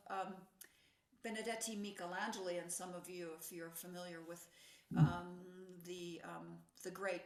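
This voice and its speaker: A woman's voice: medium pitch, reverberant. A woman in her sixties, a pianist, giving a thoughtful talk, searching for words with fillers and restarts. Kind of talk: reflective lecture talk.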